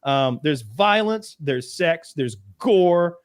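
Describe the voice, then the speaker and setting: A man co-hosting a casual podcast chat, telling stories with animated bursts and acted-out quotes. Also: fairly high pitch, slow, dry recording, clean studio sound. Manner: animated storytelling, acts out quotes in loud bursts. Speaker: podcast co-host.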